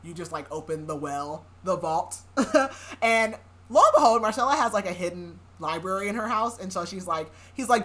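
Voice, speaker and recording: Her medium-pitched voice is fairly bright, with lively intonation and a moderate pace. On her podcast, the young woman summarizes a novel conversationally, peppering it with sarcastic comments and laughs.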